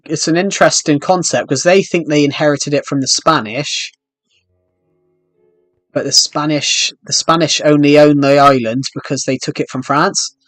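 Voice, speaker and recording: A man's voice: a little high, a bit bright, no room sound. A man hosting a gaming channel, chatting casually and rambling, with frequent restarts and fillers. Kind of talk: casual chat over gameplay.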